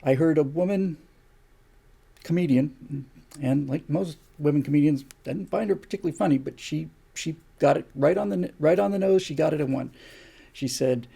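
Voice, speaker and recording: A man's voice: fairly high pitch, normal speed, creaky, dark tone, breathy edge. An older man hosting a show, delivering an opinion monologue with emphatic, repeated rhetorical questions. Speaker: show host.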